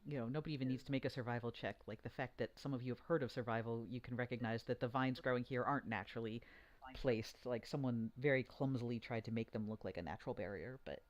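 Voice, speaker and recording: Dungeon master, tabletop game narration, halting delivery, filler words, middle pitch. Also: highs cut off. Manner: halting, with many fillers and restarts.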